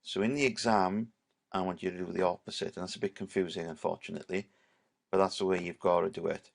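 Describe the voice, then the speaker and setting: A male teacher, giving a casual screen-recorded software tutorial and leaning on "right" and "obviously". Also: low-pitched, fairly even intonation, fast, gravelly.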